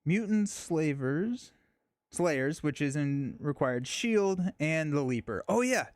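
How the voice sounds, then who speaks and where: A man's voice: fairly high pitch, lively intonation, a little slow, clear, resonant tone, no echo, clean studio sound. A man hosting a live stream, chatting casually and thinking aloud, with frequent fillers and restarts.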